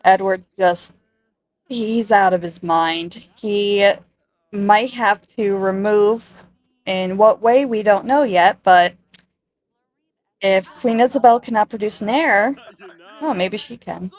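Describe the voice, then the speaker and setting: A woman's voice: mid-range voice, takes it slowly, dry recording. A woman giving casual, wry let's-play narration over a life-sim game. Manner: chatty, wry commentary on the game. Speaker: gameplay narrator.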